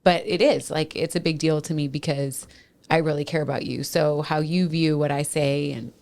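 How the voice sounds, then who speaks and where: Woman co-host, 30s, Minnesota accent, low-pitched, earnest and laughing in a casual studio talk. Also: fairly even intonation, normal speed, gravelly, darkish tone. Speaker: podcast co-host. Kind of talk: casual marriage chat.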